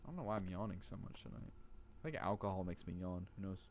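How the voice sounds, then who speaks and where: A man's voice: low voice, animated, fast talker, slight background noise. A man streaming a horror game live, his voice bouncing up and down as he jokes and swears. He reads the on-screen text aloud between wisecracks. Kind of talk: live gameplay commentary.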